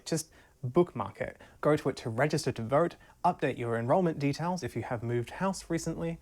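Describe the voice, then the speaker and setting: A speaker narrating a scripted civics explainer with playful jokey asides. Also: female voice, a bass voice, a little mellow.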